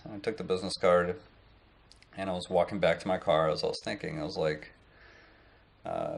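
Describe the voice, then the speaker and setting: A man's voice: low-pitched, fairly even intonation, moderate pace, vocal fry, long pauses. A man in his late thirties talking casually to camera as a vlogger, rambling with plenty of fillers and restarts. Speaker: online business vlogger.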